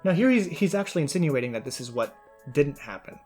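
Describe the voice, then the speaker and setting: A man's voice: a little high, expressive, fast, a little mellow, soft background music. A man hosting a commentary video, talking casually with fillers and restarts as he reads out and reacts to a letter. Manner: conversational with frequent fillers and restarts.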